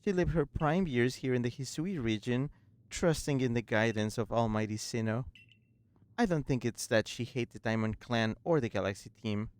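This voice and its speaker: A man reading the lines of a polite, businesslike merchant in a measured way. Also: mid-range voice, a little mellow, smooth, natural voice. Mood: courteous. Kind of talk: reading game dialogue aloud.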